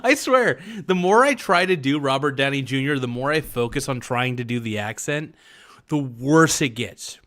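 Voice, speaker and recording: A man's voice: medium pitch, moderate pace, a bit bright. A young man chats live from his home, reading out comments as they come in. He rambles and jokes, often at his own expense. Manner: rambling, joking, self-mocking. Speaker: live streamer reading chat. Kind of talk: casual livestream chat.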